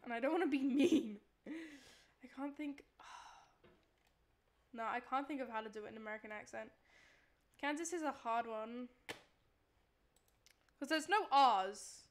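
A woman's voice: high-pitched, a little slow, long pauses, a little hiss or hum. An Australian woman streaming a game, chatting casually with her audience in an exasperated, pleading way. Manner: exasperated, pleading, talks to chat.

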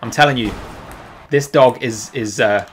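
A man streams a wrestling game live and reacts to every move with excitable, jokey commentary. His pitch sits in an ordinary middle range. A faint noise hangs behind his voice. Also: measured pace.

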